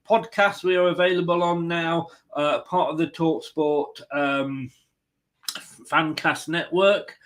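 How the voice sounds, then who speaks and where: A man's voice: fairly high pitch, fairly bright tone. A man hosting a live football watchalong, chatty and jokey, greeting viewers and reading out their comments. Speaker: fan channel host.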